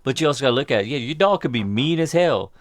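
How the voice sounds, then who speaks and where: A man's voice: mid-range voice, lively intonation, very fast, no room sound, clean studio sound. An older man with a Cajun accent, co-hosting a casual podcast and mostly reacting with short remarks. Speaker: podcast co-host. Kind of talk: casual chat.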